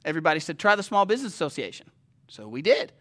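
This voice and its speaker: A man preaching a sermon in a conversational way, asking his listeners questions and swinging from loud urgency to slow, hushed reading. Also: fairly high pitch, very animated.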